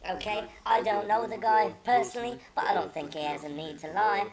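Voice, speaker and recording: A woman's voice: medium pitch, steady tone, a little fast, crowd noise. A woman hosting her own channel, giving indignant, mocking commentary as she reads out messages, swearing freely. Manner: profane, mocking and exasperated. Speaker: channel host.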